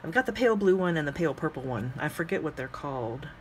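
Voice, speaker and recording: A woman vlogging casually as she swatches inks, chatting and thinking out loud with frequent fillers as she works. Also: low-pitched, animated, quick pace, slight background noise. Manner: talks to herself while working with her hands. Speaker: fountain pen ink vlogger.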